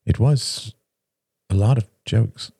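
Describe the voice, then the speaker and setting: A man voicing a weary, glib young man who speaks softly. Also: lowish voice, slow, creaky, husky, dry recording, clean studio sound, pitched above the performer's own voice, full character voice. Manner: soft, deflecting.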